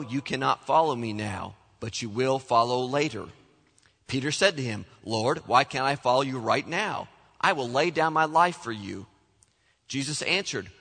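A man preaching a sermon as pastor, animated, acting out the voices he quotes. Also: medium pitch. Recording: long hall reverb.

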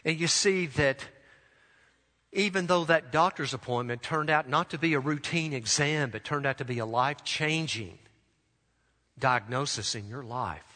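A man preaching a sermon as a pastor, earnest and slowing down to stress key words. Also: a little high, bright, forceful tone. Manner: earnest preaching, slows for emphasis. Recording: long hall reverb.

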